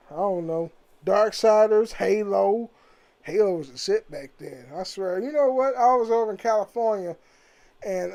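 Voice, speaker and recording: A man's voice: high voice, dark tone. A man vlogging from home about old games in a casual, profane, rambling way, laughing often. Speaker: gaming vlogger.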